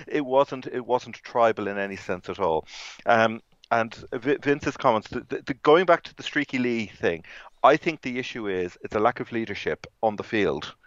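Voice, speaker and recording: A man's voice: mid-range voice, lively intonation, moderate pace, no echo, dull audio. A man co-hosting a podcast in casual football chat, rambling with many restarts. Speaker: podcast co-host.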